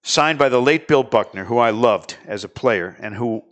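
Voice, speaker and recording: A middle-aged man hosting a casual talk show, telling lively stories and chatting with his guests. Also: mid-range voice, moderate pace. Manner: chatty, animated anecdote teller. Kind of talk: casual studio chat and storytelling.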